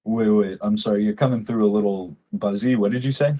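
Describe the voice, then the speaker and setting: A man's voice: fairly low pitch, a little fast, dark tone. A man narrating as game master in a casual, chatty way, often laughing.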